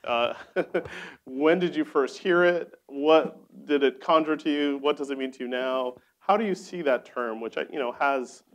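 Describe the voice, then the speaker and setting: A man's voice: on the high side, measured pace. Man interviewing a poet onstage. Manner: friendly, asks several questions at once. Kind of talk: onstage conversation.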